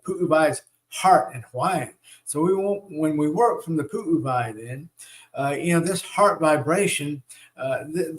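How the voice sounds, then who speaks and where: A man hosting a live spiritual teaching. He coaxes his listeners along and checks in often with "right?" and "okay?" as he leads them through repeated affirmations. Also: on the high side. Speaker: spiritual teacher and show host.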